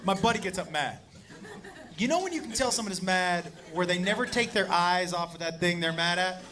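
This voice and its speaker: A man performing stand-up storytelling, animated and profane, acting out the voices of the people in his tale. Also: high voice, brisk, crowd noise. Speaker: stand-up comedian. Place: comedy stage before a live audience. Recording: live stand-up with loud audience laughter and noise.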